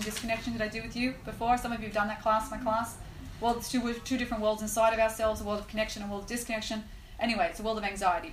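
A woman teaching a class on prayer, telling a personal story in an animated way with lots of "like" and "right?". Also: mid-range voice. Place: room with a live class. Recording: echoey room, faint noise.

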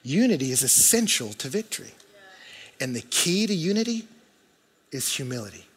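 A man preaching a sermon to his church, talking conversationally and swinging between hushed and loud moments. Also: medium pitch, big pitch swings, moderate pace. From United States. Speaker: pastor.

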